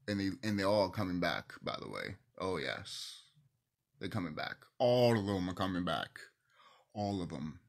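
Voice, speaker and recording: A man ranting in a passionate monologue to camera, swinging between loud outbursts and hushed near-whispers, emotional and swearing. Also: low-pitched, big pitch swings, normal speed, gravelly. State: emotional, teary. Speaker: video host.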